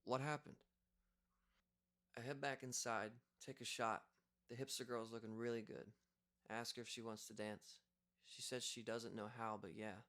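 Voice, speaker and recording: A man's voice: fairly low pitch, level tone, moderate pace, sharp tone. A young man reading a first-person audiobook in a casual, conversational way. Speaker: audiobook reader.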